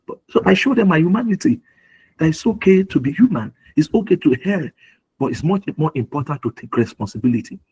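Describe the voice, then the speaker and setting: A middle-aged man from Nigeria speaks earnestly on parenting in a webinar, his voice gravelly with plenty of fry. The tone is rough and husky rather than clean. He drives his points home by repeating key phrases. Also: a little high, sing-song, brisk, a little mellow, low-quality recording. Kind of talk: talk on parenting with faith.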